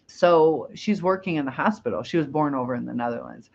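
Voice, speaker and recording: A woman's voice: rumbling low, animated, brisk, vocal fry, a little mellow. A woman from the United States hosting a casual live chat, rambling and laughing as she reads viewer comments. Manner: chatty, rambling, laughs easily. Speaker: livestream host. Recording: dull lo-fi stream audio.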